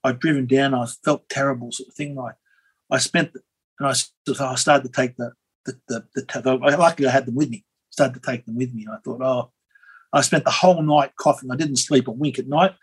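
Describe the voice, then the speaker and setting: Husky-voiced Australian man telling a story. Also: medium pitch, quick pace, low-quality recording. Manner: rambling and animated, with frequent fillers and restarts. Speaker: interview guest, former member of parliament. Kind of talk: conversational storytelling.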